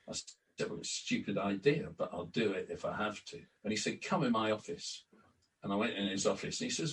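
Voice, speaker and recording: A man's voice: on the low side, moderate pace. Older man telling stories, set back from the mic. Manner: anecdotal, acts out quoted exchanges, frequent restarts. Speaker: interview guest, former club announcer and editor. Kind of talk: storytelling in a relaxed podcast interview. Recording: distant from the mic.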